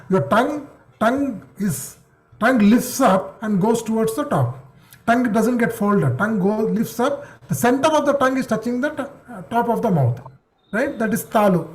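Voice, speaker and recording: A man's voice: sits high, expressive, normal speed. A man teaching an online class. He repeats syllables patiently and checks that the students follow. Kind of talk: online class drilling pronunciation.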